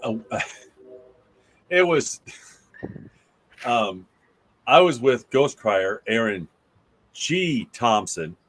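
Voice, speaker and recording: A man's voice: medium pitch, animated, very slow, long pauses, fairly bright tone, poor audio. A man guest on a podcast, telling a story in a playful, joking way. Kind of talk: casual chat.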